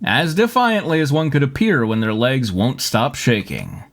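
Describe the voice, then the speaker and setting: A man's voice: mid-range voice, very animated, normal speed, fairly bright tone. A male podcast host reading fanfiction aloud for laughs, mock-dramatic and often breaking into laughter.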